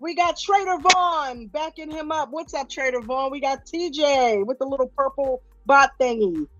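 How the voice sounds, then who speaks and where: A woman's voice: high voice, moderate pace, a bit bright, soft background music. A woman hosting a casual live stream, upbeat and greeting viewers one by one. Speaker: livestream host. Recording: dull, lo-fi stream audio.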